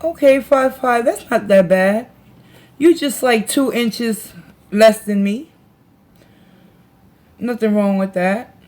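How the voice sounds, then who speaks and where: Taking it slowly and pausing often, a tarot reader speaks in a high, slightly mellow voice while hosting a casual livestream. She chats with viewers in a slangy way, laughing a lot and reading their comments aloud to the chat.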